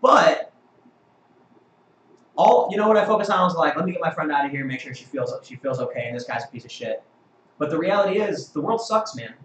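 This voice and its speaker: Male live-stream host with a slightly high voice who talks fast and emphatically, recorded in an echoey room. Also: fairly bright tone, slight background noise. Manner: fast, emphatic and profane, reads viewer comments.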